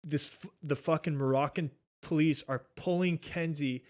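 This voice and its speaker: A young man casually telling a travel story, animated and swearing often, acting out what people said. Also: a little high, moderate pace. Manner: animated, swears a lot, acts out quotes. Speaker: podcast guest.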